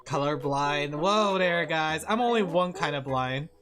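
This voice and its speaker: Lively giggly woman streamer. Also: low-pitched, unhurried. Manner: giggly, chatty, talking to chat. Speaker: VTuber streamer. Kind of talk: casual livestream chat while drawing. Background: background music.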